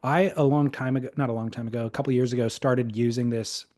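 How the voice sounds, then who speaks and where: A man's voice: mid-range voice, fairly even intonation, fast, a little mellow. Chatty man co-hosting a podcast. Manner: storytelling, with fillers and restarts. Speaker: podcast co-host. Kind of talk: casual chat.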